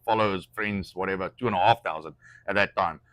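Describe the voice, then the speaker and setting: A man's voice: low-pitched, fast, fairly bright tone, no room sound. A man co-hosting a live stream in casual chat, blunt and opinionated, rambling with restarts.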